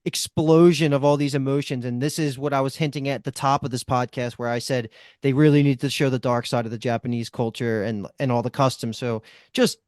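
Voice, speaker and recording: A man's voice: medium pitch, steady tone, a little fast, a little mellow, dry recording, clean studio sound. A man co-hosting a casual TV review podcast, talking in a rambling way with lots of fillers and restarts. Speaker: podcast co-host.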